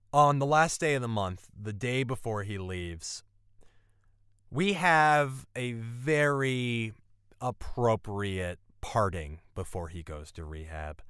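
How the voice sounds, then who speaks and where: A man telling a personal story, wry and animated. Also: smooth, no room sound, studio quality. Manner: wry, animated storytelling with lively pitch swings. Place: apartment life in New York City.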